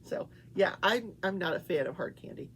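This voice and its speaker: Older woman host, lively gravelly voice. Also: lowish voice, normal speed, slight background noise. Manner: chatty, rambling, breaks off to coo at her pets. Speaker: talk show host. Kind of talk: casual chat.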